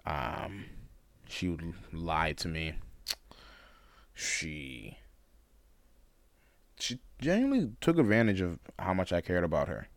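A young man with a very low voice tells a personal story in a loose, candid way, laughing often and stumbling into restarts. The sound is dry and close, with no room around it. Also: sing-song, takes it slowly, pauses often, dry recording. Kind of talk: casual storytelling monologue.

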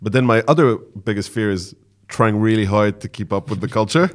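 A man in his forties co-hosting a podcast, self-deprecating and quick to laugh. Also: on the low side. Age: 40s. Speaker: podcast co-host. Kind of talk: casual chat.

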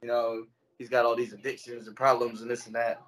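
A man's voice: mid-range voice, flat delivery, fairly quick, fairly bright tone, slight background noise, rough recording. A young man co-hosting a podcast, talking bluntly and swearing in casual chat. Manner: blunt, swearing, asks questions. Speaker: podcast co-host.

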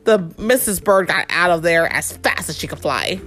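A woman reading a picture book aloud to a child in a playful, expressive storytelling voice. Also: lowish voice, normal speed, soft background music. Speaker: reader.

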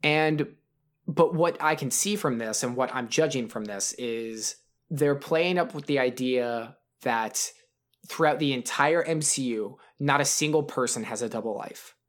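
A man's voice: medium pitch, measured pace, fairly bright tone. A man co-hosting a podcast, talking in a loose, rambling way. He restarts his sentences often and fills the gaps with "like" and "um". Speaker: podcast co-host. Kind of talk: casual podcast chat.

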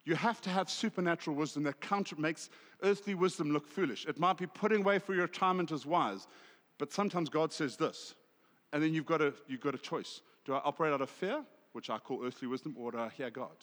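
A South African man preaching a sermon, swinging from loud emphasis to hushed asides. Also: on the high side, fast talker, big-room sound. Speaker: pastor.

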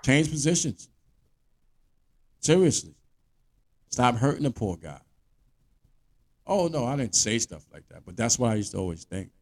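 Blunt, animated man ranting. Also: mid-range voice, moderate pace, pauses often. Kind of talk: profane monologue rant.

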